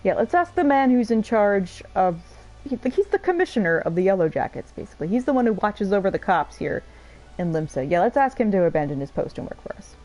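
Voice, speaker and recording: A woman giving rambling, chatty let's-play commentary over a game, quick to laugh. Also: medium pitch, sing-song, darkish tone, soft background music, low-quality recording. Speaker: streamer playing a game.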